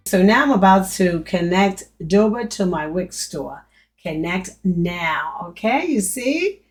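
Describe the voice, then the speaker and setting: A young adult woman walking viewers through an online store tutorial, excitedly repeating prices and exclamations for emphasis. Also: on the low side, slow, soft background music. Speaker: online business creator. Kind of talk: excited screen-share product walkthrough.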